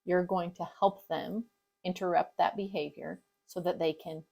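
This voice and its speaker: A woman's voice: fairly low pitch, steady tone, creaky. Affirming woman podcast host. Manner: affirming, quick to agree, acts out parent thoughts brightly. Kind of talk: podcast conversation.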